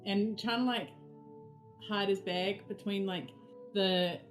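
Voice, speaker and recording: A woman playing in a tabletop game, describing her character's actions haltingly with many fillers. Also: mid-range voice, fairly even intonation, faint music behind. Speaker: player. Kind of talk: casual tabletop play.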